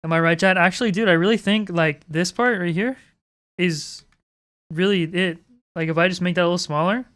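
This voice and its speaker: A woman's voice: fairly low pitch, a little fast, fairly bright tone. A woman streamer chatting casually to her viewers while she draws, swearing freely and poking fun at herself. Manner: swears freely, self-mocking, talks to chat. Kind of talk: casual live-stream chat while drawing.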